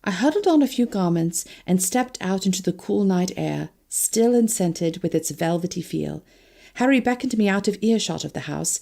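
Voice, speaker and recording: A woman narrates an audiobook with expressive, storytelling flair. Her voice sits on the low side, gravelly in texture, delivered at a moderate pace.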